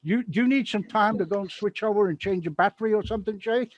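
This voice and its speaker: A man's voice: high voice, fast talker, rough recording. A man hosting a live online show, chatting in a rambling, playful way and breaking into giggles. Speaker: host. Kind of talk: casual live show chat.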